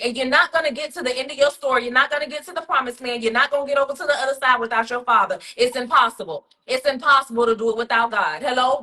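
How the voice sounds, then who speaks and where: A woman's voice: sits high, sharp tone. A woman hosting a faith talk podcast, speaking in an emphatic, preacherly way with lots of repetition. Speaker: podcast host.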